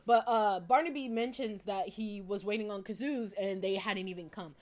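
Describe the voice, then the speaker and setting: A woman's voice: medium pitch, moderate pace, a little mellow. A woman doing casual, bubbly fan commentary, with frequent giggles and lots of fillers. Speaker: video essayist.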